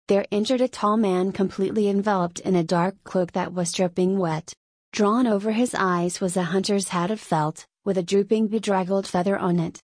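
A woman reads a classic novel aloud in a measured, even storytelling manner. Her voice sits at an ordinary pitch. The recording is close and dry, with no room sound. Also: no room sound. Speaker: audiobook narrator. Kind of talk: scripted narration of a classic novel.

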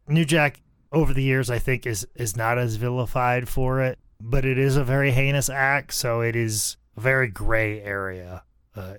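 Smooth-voiced man in casual chat. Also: mid-range voice, fairly bright tone, dry recording. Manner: rambling, swears freely. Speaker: wrestler and podcast co-host.

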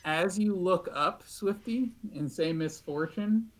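A man's voice: high voice, slow, rough recording. A man narrating as game master of a tabletop game, chatty and loose, laughing often, with plenty of fillers.

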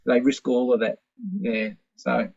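A man hosting a casual conversation, talking quickly and chiming in with short agreements. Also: mid-range voice, flat delivery, vocal fry, darkish tone. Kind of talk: casual chat. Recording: dry, dull lo-fi sound.

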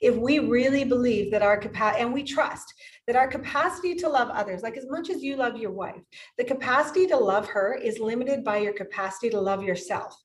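A woman's voice: fairly high pitch, a little fast, poor audio. A woman in her fifties who owns a yoga studio, telling personal stories in an interview with emotional, effusive energy and frequent laughter. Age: 50s. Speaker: yoga studio owner and teacher. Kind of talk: podcast interview.

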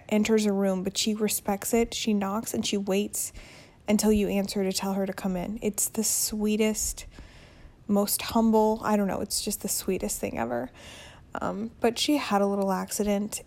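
A young woman hosting a casual solo podcast from her bedroom at home, chatty and candid with soft laughs. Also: mid-range voice. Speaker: podcast host.

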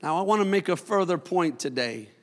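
A man preaching a sermon as pastor, with impassioned delivery that swells into shouts. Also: high-pitched, expressive, a little fast. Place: church sanctuary. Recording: long church hall reverb.

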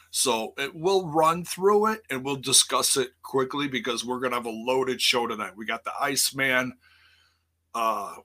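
A man hosting a casual live-streamed wrestling news show, rambling with lots of fillers, quick self-corrections and jokes. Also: medium pitch, sharp tone.

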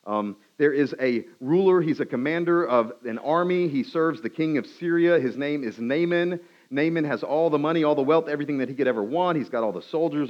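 A man, a pastor, preaching a sermon and retelling a story with lively swings between loud and hushed delivery. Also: medium pitch, dull audio.

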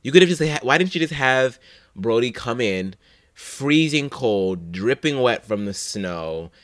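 Blunt, swearing man with a lively voice. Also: mid-range voice, a little slow, no room sound, studio quality. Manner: blunt and profane, with sarcastic commentary. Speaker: podcast co-host. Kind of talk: casual recap chat.

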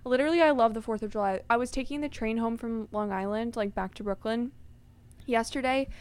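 A woman's voice: fairly high pitch, brisk, smooth, dry recording. A young woman in her twenties, co-hosting a casual chat podcast and telling stories with lots of exclamations. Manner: animated storyteller, exclaims often. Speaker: podcast co-host.

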